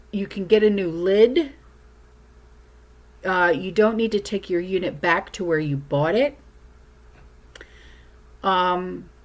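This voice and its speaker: A woman hosting her channel, talking casually through news items and often checking in with "okay?". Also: on the low side. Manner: chatty, frequent "okay?" check-ins. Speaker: channel host.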